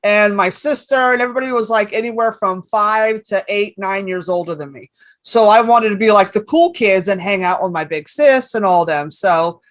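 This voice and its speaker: Animated, foul-mouthed woman comedian. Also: medium pitch, normal speed, no room sound. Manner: animated storyteller, swears freely. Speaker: comedian guest. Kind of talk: casual podcast chat.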